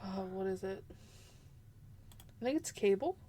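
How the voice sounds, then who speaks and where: A woman's voice: mid-range voice, expressive, a little slow, dark tone. A woman streamer chatting casually and giggling while she fiddles with her setup. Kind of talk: casual live-stream chat.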